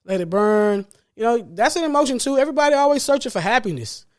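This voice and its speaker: High-voiced man preaching self-healing. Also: lively intonation, fast talker. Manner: earnest, preachy, repeats key phrases for emphasis; laughs lightly between points. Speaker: podcast host and life coach. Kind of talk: solo motivational podcast monologue.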